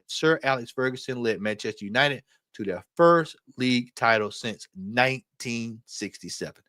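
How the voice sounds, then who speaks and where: A man hosting a casual late-night fan livestream, reading aloud and talking to his chat in an animated way. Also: mid-range voice, normal speed, dry recording, clean studio sound. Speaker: fan channel host.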